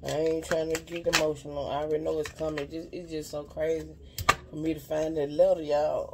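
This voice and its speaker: In a fairly quick, level-toned mid-range voice, a spiritual advisor chats through a casual card reading addressed to viewers. She's sincere and rambling, frequently saying "you know what I'm saying," while noise fills the background.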